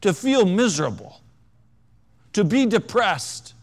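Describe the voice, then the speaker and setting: A male preacher delivers a sermon in a somewhat high voice that leaps and dips with great animation. He drops to near-whispers, then surges loud, and carries a wry, self-mocking humor. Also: sing-song, slow pace. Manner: dramatic swings between hushed and loud. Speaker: pastor.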